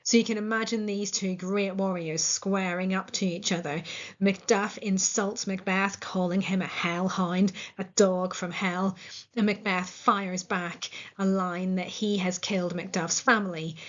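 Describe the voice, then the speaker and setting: A woman's voice: mid-range voice, fairly even intonation, unhurried, highs cut off. A woman with a Northern Irish accent, an English literature teacher explaining a play line by line, enthusiastic and explanatory, with frequent ums.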